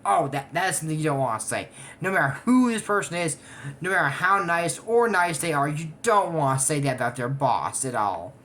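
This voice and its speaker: With big pitch swings and a brisk, slightly bright mid-range voice, a twenty-something anime reviewer casually recaps a cartoon episode, drifting into digressions. Slight background noise is audible.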